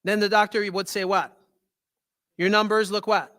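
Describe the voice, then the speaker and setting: High, bright-voiced man giving a health talk. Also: moderate pace. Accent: French Canadian. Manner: animated, repeats "right?" to the audience. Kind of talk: live talk to an audience. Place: talk to a live audience in a room.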